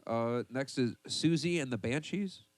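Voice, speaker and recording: A man's voice: medium pitch, unhurried, no room sound. A man hosting a casual podcast, reading a list aloud and mocking it with swearing and laughter. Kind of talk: casual banter with heavy swearing.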